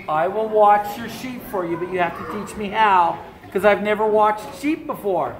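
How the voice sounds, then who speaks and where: A woman telling a story live in the first person and in character, animated and playful, voicing the other people in her tale. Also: mid-range voice, moderate pace, hardly any pauses. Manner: animated, playful, with voiced-out dialogue. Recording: echoey room with a live audience.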